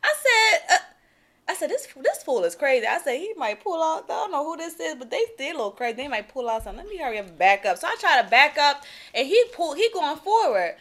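Young woman podcast cohost, really high voice, animated storytelling, laughing and yelling out the quotes. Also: a little fast. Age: young adult. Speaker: podcast co-host. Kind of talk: casual chat, storytelling.

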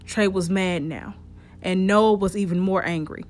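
Kobieta spokojnie czytająca opowieść. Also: female voice, medium pitch, a little slow. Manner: steady storytelling. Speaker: narrator. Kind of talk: audiobook story narration.

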